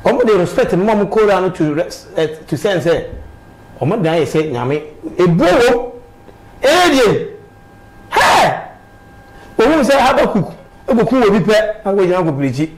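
A man's voice: high voice, sing-song, moderate pace, rough recording. A man talking animatedly in a casual street interview, with emphatic bursts and sudden exclamations.

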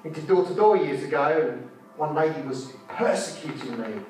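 A man's voice: on the high side, normal speed, a little mellow. A man preaching a fervent sermon at a conference, repeating his phrases and putting rhetorical questions to the audience. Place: conference hall. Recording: echoey hall, mic from far off, faint music.

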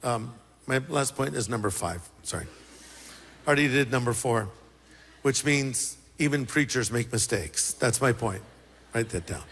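Guy pastor joking his way through a sermon, big church echo, bright tone. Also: medium pitch, normal speed, slightly rough. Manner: lively, joking preacher.

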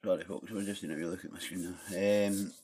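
A man's voice: low voice, steady tone, a little fast, dark tone, slightly rough. A Scottish man in casual live-stream chat, blunt and rambling, swearing freely as he calls people out.

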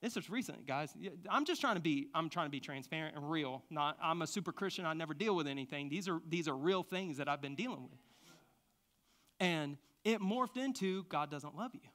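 Male preacher, high ringing voice, testimony sermon with big hushed-to-loud swings. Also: expressive, fairly quick. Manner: passionate, swings from hushed confessions to loud exclamations. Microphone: stand microphone.

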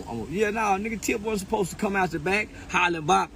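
A man giving a crude, mocking commentary, laughing often and repeating words in quick bursts. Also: high-pitched, creaky, bright, forceful tone, slight background noise. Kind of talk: profane mocking rant.

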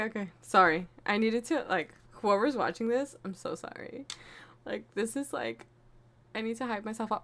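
A woman's voice: very high voice, fairly bright tone. A woman commentating a horror game as she plays it, jumpy and easily frightened, gasping, cursing and talking to the characters on screen. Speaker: let's play host. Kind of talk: gameplay commentary.

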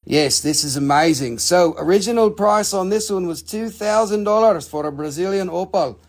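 A man's voice: high voice, normal speed. A man hosting a live stream and selling gemstones, joking and cursing in loose, broken grammar as he talks into his phone. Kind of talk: casual live-stream sales pitch.

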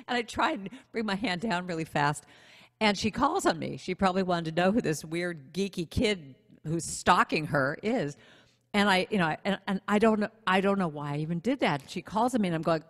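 A woman singer-songwriter telling a self-deprecating story in a casual online interview, in an animated way. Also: lowish voice, moderate pace, long reverb tail.

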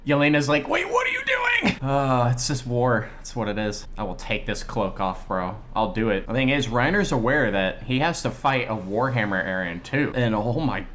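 A man giving excitable, slangy live reaction commentary on an anime episode, exclaiming and swearing often. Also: mid-range voice, normal speed, hardly any pauses, slight background noise.

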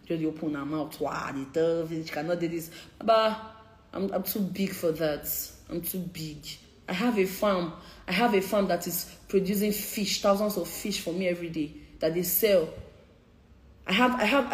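A social media personality in her twenties, a young woman with a Nigerian Pidgin English accent, takes on her critics in a heated live-stream rant. Her voice is on the low side and reverberant, and she is confrontational, repeating her points.

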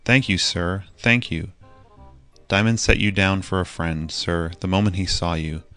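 A man's voice: deep voice, steady tone, a little slow, fairly bright tone, soft background music. A man reading an audiobook voices a humble working cab driver who speaks plainly and respectfully. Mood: earnest.

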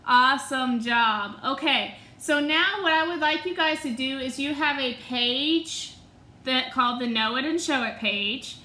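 A woman's voice: high-pitched, measured pace, sharp tone. A woman teacher leading a phonics lesson for young children, stretching out each sound with sing-song prompts. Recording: echoey room.

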